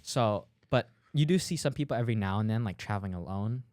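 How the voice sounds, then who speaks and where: A young man with a low voice tells a story on a casual podcast. He acts out every voice in it and throws in plenty of "dude" and "like". The sound is close and dry, with no room around it. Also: fast talker, no room sound. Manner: animated storyteller, acts out dialogue, fillers like "dude". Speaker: podcast co-host. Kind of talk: casual chat.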